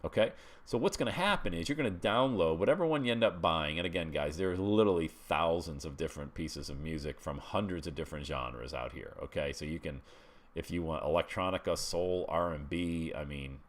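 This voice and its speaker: A man's voice: sits low, fairly quick, slight background noise. A middle-aged man teaching a screen-share webinar, chatty and walking listeners through each step with frequent check-ins. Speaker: webinar instructor.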